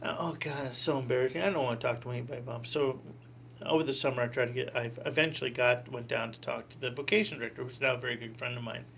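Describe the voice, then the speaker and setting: Animated storytelling priest, lo-fi. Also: male voice, medium pitch, fast talker, vocal fry. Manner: animated, acts out quoted voices with laughing asides. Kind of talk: storytelling in an interview. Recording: dull lo-fi recording with faint hum.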